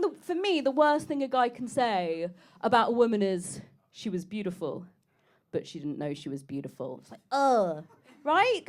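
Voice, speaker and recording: Lively, high-voiced comedian in her thirties. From England. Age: 30s. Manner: chatty, self-mocking, teasing the crowd. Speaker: stand-up comedian. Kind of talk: stand-up set. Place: comedy club. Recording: live club recording with audience noise.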